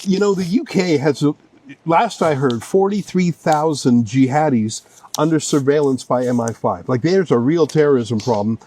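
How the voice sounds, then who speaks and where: A man's voice: a little high, normal speed, warm tone. A man interviewing a guest, reacting with disbelief and exclamations. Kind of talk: conversational interview.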